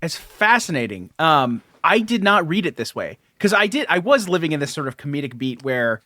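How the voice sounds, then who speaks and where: Seorang pria membawakan podcast bersama, mengobrol santai tentang komik, sering tertawa dan cepat menyetujui lawan bicaranya. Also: male voice, fairly high pitch, very animated, moderate pace, sharp tone, no echo. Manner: chatty, laughs often, eager agreement. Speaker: podcast co-host. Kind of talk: casual comic book discussion.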